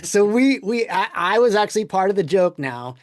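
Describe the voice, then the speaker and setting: Male podcast guest, relaxed anecdotal delivery with voiced quotes, middle pitch, dry room. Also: normal speed, no room sound. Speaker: podcast guest, former game producer. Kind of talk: casual storytelling.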